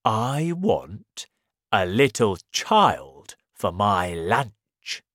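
A woman voicing a greedy, sly male crocodile in a children's story, slow and drawn out. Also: extremely low pitch, big pitch swings, dry recording, studio quality, exaggerated voice.

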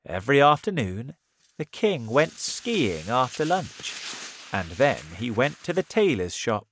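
A man reading a simple story aloud in a slow, clear storytelling manner. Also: mid-range voice, sing-song, a bit bright, a little hiss or hum. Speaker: narrator. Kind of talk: scripted story narration.

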